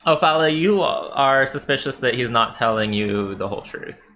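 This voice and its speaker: A man serving as game master, narrating a tabletop game in a relaxed, chuckling way with many fillers. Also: mid-range voice, normal speed, slight background noise.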